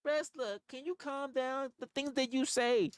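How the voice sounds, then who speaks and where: A whiny, high-pitched male commenter nags and scolds in a squeaky falsetto that leaps far above a normal speaking voice, as a man puts him on. The sound is dry and close, with no room behind it. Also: steady tone, unhurried, no echo. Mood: mocking.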